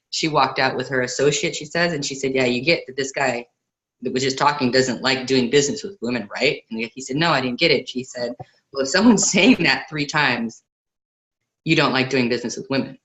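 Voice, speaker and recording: A woman's voice: extremely low pitch, fairly quick, fairly bright tone, low-quality recording. Chatty woman hosting a book club. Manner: chatty, laughs often, quotes others in voices. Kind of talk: casual online book discussion.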